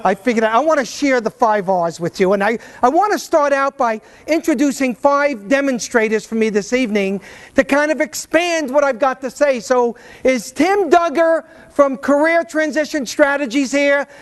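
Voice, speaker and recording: A man giving a motivational talk to a live audience from a stage, an animated storyteller who often stammers and repeats words. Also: extremely high pitch, moderate pace. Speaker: keynote speaker. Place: event stage.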